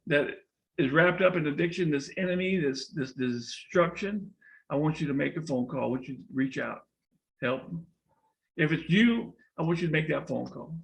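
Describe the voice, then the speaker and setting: A middle-aged man giving an earnest storytelling speech to a class, with many restarts. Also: fairly high pitch. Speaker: speaker in a public speaking class.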